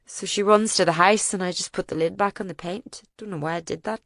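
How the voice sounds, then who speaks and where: A woman reading as a grieving older male farmer who tells of a bombing, in plain, halting dialect. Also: mid-range voice, steady tone, a bit bright, no echo, studio quality, close to an everyday voice. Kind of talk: audiobook reading.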